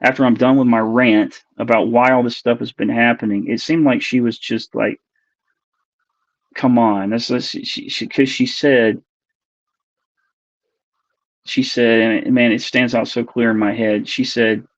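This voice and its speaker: A man in his forties tells his story earnestly, stopping and restarting as he hunts for the right words. His voice sits at a middling pitch. The recording is dull, lo-fi and dry, with no room sound. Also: little pitch movement, dry recording. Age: 40s. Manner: earnest, halting, searching for words. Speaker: podcast guest. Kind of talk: recounting a personal experience.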